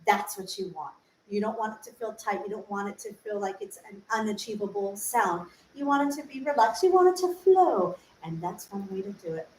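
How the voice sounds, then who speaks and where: A woman's voice: mid-range voice, expressive, fairly quick, darkish tone, slight background noise. A woman voice teacher giving an informal livestream lesson, explaining patiently, asking rhetorical questions and demonstrating sung syllables. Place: room, solo livestream. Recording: echoey room, faint ambience.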